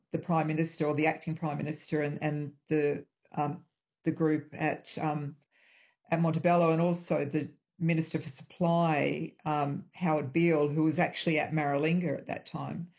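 A woman guest in a hotel room, speaking over an internet call, explaining in a measured way with frequent ums. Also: sits low, little pitch movement, a little mellow, husky. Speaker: historian guest.

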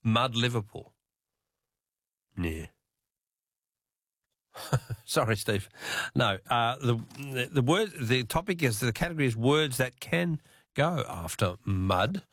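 A man with an Australian accent hosting a talkback radio quiz, chatty and quick to laugh. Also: medium pitch, animated, fairly bright tone, dry recording, clean studio sound.

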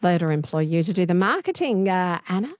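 A woman's voice: lowish voice, very animated, brisk, a little mellow, no room sound. Woman, radio quiz host, chatty, dry studio sound. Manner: chatty, laughs easily. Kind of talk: casual talkback radio chat.

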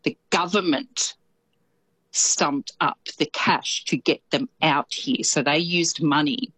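Low-voiced Australian woman on dry radio. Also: slightly rough, dry recording, poor audio. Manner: chatty and lively, quick to laugh. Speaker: radio correspondent. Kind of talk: casual radio chat.

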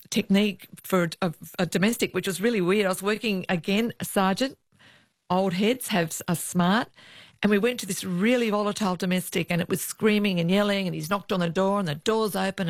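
A woman, a former police officer, telling stories in an interview with lively acted-out quotes. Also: medium pitch, dry recording. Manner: lively anecdotal, acts out voices in quotes. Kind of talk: storytelling interview.

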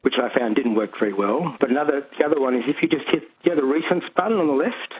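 A man's voice: mid-range voice, fast, a little hiss or hum. A man calling in to a radio show, rambling with many restarts. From Australia. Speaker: caller. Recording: phone line.

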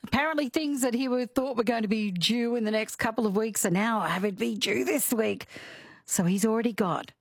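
An Australian woman presenting a radio show, telling stories in a chatty, giggly and animated way. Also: a little high, brisk, no echo, clean studio sound. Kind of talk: casual radio chat.

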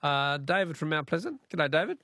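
A man's voice: a little high, sing-song, a little fast, pushed and bright, no room sound. A man with an Australian accent hosting a radio call-in quiz, jovial and bantering, laughing often with callers.

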